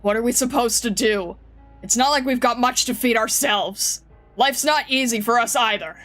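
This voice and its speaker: Woman voicing a gruff wary farmer man. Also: on the high side, normal speed, fairly bright tone, soft background music, lightly acted. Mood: scornful. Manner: gruff, blunt and grumbling. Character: wary, defensive middle-aged male farmer.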